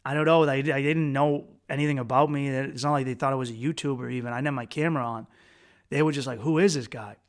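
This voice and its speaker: A man from the United States hosting a podcast, telling a travel story in a rambling, crude, self-mocking way with quick restarts. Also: mid-range voice, steady tone. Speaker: podcast host. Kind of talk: casual storytelling monologue.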